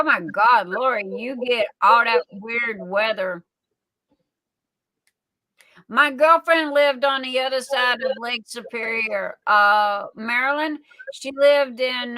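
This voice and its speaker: A woman's voice: a little high, pushed and bright, no echo, poor audio. A woman telling folksy stories in casual livestream chat, often repeating and restarting words. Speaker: livestream guest.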